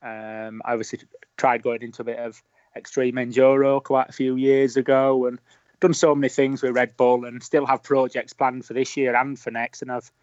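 A man's voice: medium pitch, little pitch movement, moderate pace, no room sound, lo-fi sound. A man with a Yorkshire accent, a guest talking easily and at length over a remote call. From Yorkshire, England. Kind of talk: casual interview.

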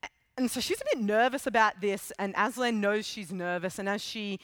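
A woman's voice: medium pitch, brisk, no room sound. Casual young woman preaching a story sermon. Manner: casual, animated storytelling with asides.

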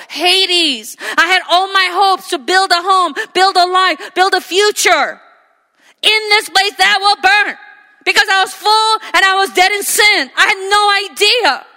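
A woman's voice: very high voice, pushed and bright. A woman pastor preaching a sermon, emphatic, repeating her phrases and calling for amens. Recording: echoey hall with long reverb.

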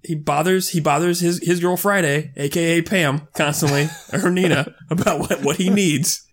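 A man's voice: on the high side, steady tone, moderate pace. A man co-hosting a podcast, adding dry, sarcastic remarks about a TV show. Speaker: podcast co-host. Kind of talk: casual recap chat.

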